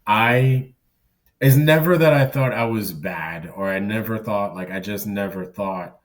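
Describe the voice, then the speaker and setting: Man, podcast guest, very low voice, rambling, self-deprecating, distant mic. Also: measured pace. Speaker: podcast guest, circus clown. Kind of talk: casual podcast conversation.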